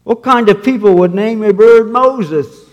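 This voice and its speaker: A pastor doing a jumpy, startled burglar. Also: male voice, high-pitched, big pitch swings, takes it slowly, big-room sound, voice pushed up, heavily acted. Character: jittery male burglar caught in the act.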